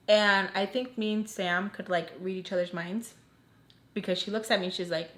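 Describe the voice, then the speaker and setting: A woman's voice: medium pitch, steady tone, normal speed, a bit bright. A young woman telling a storytime vlog. She talks in a loose, chatty way and fills almost every phrase with "like". Her voice sits in an ordinary middle range for a woman. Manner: chatty, says "like" constantly, emotional retelling. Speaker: vlogger.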